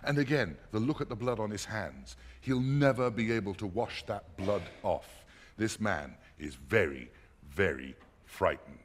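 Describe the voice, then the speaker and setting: Male lecturer explaining a play, low voice, very lively intonation, long hall reverb. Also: measured pace. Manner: emphatic, expressive. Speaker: literature lecturer.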